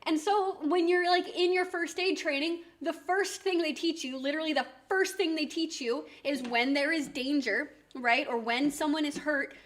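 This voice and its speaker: A woman's voice: high voice, normal speed, hardly any pauses. A woman streaming and chatting casually, rambling with lots of fillers. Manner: chatty, rambling with many likes and rights.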